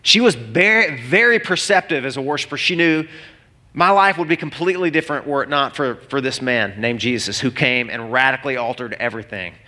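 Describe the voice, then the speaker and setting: A male pastor preaching a sermon to a congregation, animated and conversational, often restarting phrases. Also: mid-range voice, fairly quick. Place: church hall before a congregation.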